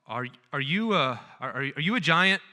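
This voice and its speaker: A man's voice: medium pitch, animated, quick pace, pushed and bright, clear, resonant tone, big-room sound. A man reading aloud in a lecture, voicing a frightened orphan boy who stammers and pleads in a rush. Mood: terrified.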